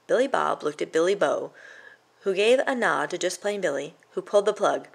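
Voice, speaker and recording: A woman reads a children's picture book aloud and plays up its sound words. Her voice sits a little low and carries a gravelly fry. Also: animated, normal speed.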